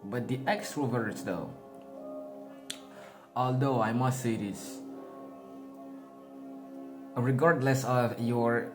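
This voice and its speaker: A man's voice: mid-range voice, slow, pauses often. Slangy, laughing man over music. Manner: rambling, laughs at his own jokes, slangy. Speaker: spiritual vlogger. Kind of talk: casual spiritual monologue. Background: background music.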